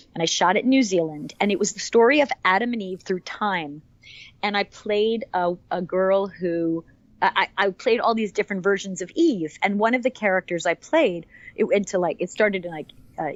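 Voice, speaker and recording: A woman's voice: lowish voice, no room sound, muffled recording. A woman in her fifties, an actress being interviewed for a podcast, talking with enthusiasm and rambling through many fillers and restarts. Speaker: actress guest.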